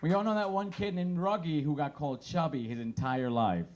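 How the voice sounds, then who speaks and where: A man in his thirties doing a stand-up comedy set of deadpan one-liners on a small bar stage, through a handheld mic. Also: on the high side, a little fast, background noise.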